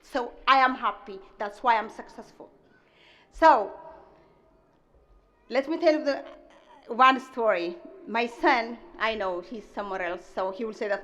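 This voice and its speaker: A woman giving a commencement speech, telling personal stories in non-native English and acting out dialogue with lively energy. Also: a little high, unhurried, pauses often, muffled recording. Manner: animated, acts out family dialogue. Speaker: commencement speaker. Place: graduation ceremony.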